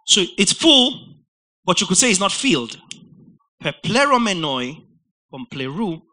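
Bright-voiced man preaching with emphasis. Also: on the high side, low-quality recording. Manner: emphatic teacher, repeating words and quizzing listeners; spells out and explains Greek words. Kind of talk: sermon.

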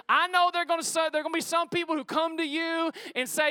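A pastor, delivering a lively sermon. His voice sits high and sounds ringing and bright. The sound is close and dry, and he keeps calling out to his congregation in a chatty way. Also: quick pace, hardly any pauses, no echo. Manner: energetic, conversational preaching with crowd call-outs. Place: church auditorium before a congregation.

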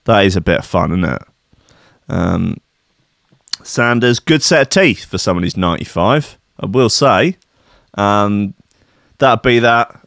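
A man's voice: lowish voice, lively intonation, unhurried, gravelly, long pauses, fairly bright tone, dry recording, studio quality. A man hosting a podcast, giving a sweary, rambling and sardonic comic rant about the news. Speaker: podcast host.

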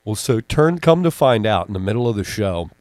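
A man's voice: lowish voice, big pitch swings, brisk, a little mellow, no room sound, studio quality. A man, co-hosting a podcast and telling stories in casual chat, acting out quotes and swearing freely. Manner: storytelling with acted-out quotes, profane. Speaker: podcast co-host and comedy show producer.

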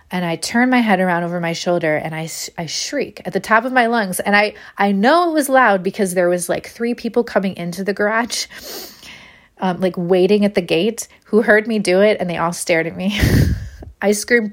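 A woman's voice: mid-range voice, normal speed. A woman, hosting a podcast and telling a candid, self-deprecating personal story, laughing often. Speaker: podcast host.

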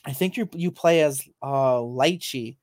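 A man's voice: medium pitch, unhurried, a little mellow, no echo, studio quality. A man co-hosting a casual podcast about games and anime, rambling with many fillers and restarts. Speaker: podcast co-host.

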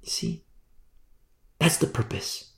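A man's voice: takes it slowly, a bit bright, echoey room. A male pastor preaching a sermon in an emphatic, repetitive way, often asking "you see?".

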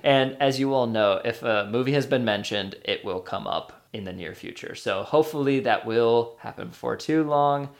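A male podcast host with a gravelly, creaky voice at an ordinary pitch. He chats casually about movies and quizzes his guest in a playful, talkative manner. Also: normal speed, few pauses.

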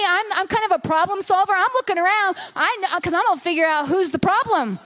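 A woman pastor telling a vivid story to her congregation, animated and dramatic, dropping to a hush at tense moments. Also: extremely high pitch. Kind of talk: storytelling sermon. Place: church stage before a congregation.

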